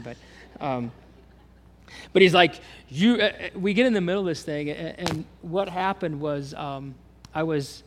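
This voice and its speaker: A pastor preaching a sermon, telling a personal story with earnest restarts and rising up higher and louder when he voices God's words. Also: slight background noise. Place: church sanctuary.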